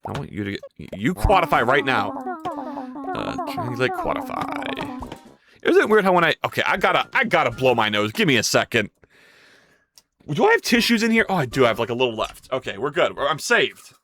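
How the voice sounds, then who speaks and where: Animated, rambling live streamer. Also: medium pitch, brisk, slight background noise. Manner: rambling self-talk, sudden loud outbursts, swearing. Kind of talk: casual live-stream chat while working.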